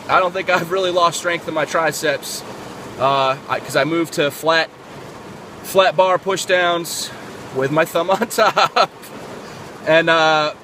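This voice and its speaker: A man's voice: a little high, fairly bright tone, slight background noise. A man explaining workout technique in a casual fitness vlog, talking step by step with lots of fillers and restarts. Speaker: fitness vlogger.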